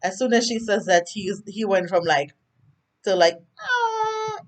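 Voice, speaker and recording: Speaking at a moderate pace in a mid-range voice, a Jamaican-accented woman casually recaps a TV episode for her vlog. She's talkative and prone to wandering tangents, acting out what the characters say along the way.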